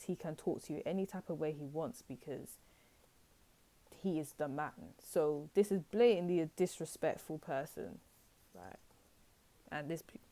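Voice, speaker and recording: A woman's voice: low voice, dark tone. A young woman giving a casual, blunt tarot reading to her viewers, acting out people's reactions as she goes. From United Kingdom. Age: young adult. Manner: chatty, blunt, acts out quoted reactions. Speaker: tarot reader.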